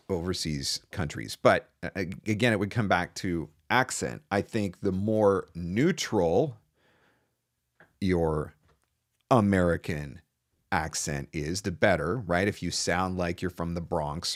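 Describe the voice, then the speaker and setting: A man's voice: deep voice, no echo, studio quality. A man hosting a live-stream Q&A, giving casual voice-over business advice in a loose, chatty way with frequent restarts.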